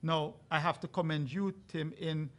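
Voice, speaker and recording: A man with a fairly high voice speaks as a resort brand representative on a live panel. His delivery is earnest and persuasive, like a sales pitch. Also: steady tone, normal speed, fairly bright tone. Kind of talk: panel discussion.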